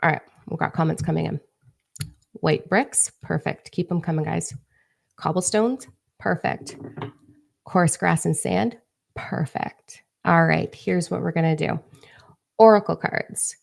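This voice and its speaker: Low, gravelly woman, brash and profane, livestreaming by phone as a psychic coach. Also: fairly even intonation, measured pace, pauses often. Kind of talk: livestream talk to viewers.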